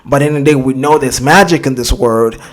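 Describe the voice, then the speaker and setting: A man's voice: mid-range voice, a little fast. A man hosting a reaction video, talking casually and rambling, swearing a lot and often searching for words.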